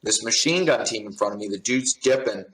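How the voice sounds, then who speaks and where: A man's voice: fairly low pitch, expressive, fairly quick, a bit bright, poor audio. A man speaking as a guest on a podcast in casual conversation. He tells blunt, profane stories and acts out other people in raised voices. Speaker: podcast guest, airsoft company owner.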